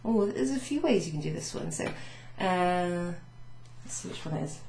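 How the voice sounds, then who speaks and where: A woman French teacher recapping a beginners' lesson, chatty, saying French phrases slowly with teacherly emphasis. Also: fairly low pitch, animated, a little mellow. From Wales. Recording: echoey room with faint noise.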